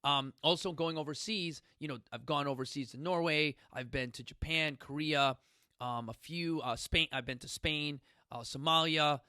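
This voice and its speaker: A man's voice: a little high, normal speed, bright, forceful tone, clear, resonant tone, no echo, studio quality. A man from Chicago hosting a casual motivational talk, rambling, joking and speaking bluntly with some profanity. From Chicago, United States. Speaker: host.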